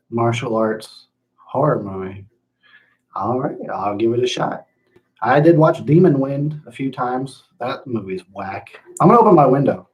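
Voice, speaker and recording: A man with a mid-range voice and the highs cut off hosts a casual livestream from home. He reads and answers chat with loose, profane talk, laughs often, and slips into rants.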